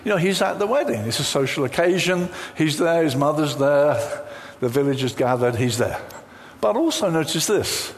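A man preaching a sermon in an animated, humorous way, acting out the lines he quotes. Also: on the high side, moderate pace, few pauses, long reverb tail, slight background noise.

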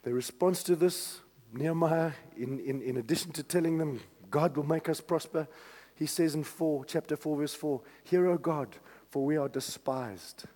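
A male pastor preaching a sermon, swinging from hushed tones to shouts. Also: on the high side, normal speed, long reverb tail.

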